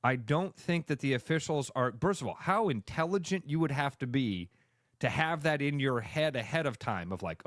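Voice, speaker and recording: A male sports radio co-host in casual chat, animated, acting out fans' reactions in quick voices. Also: mid-range voice, no echo, studio quality.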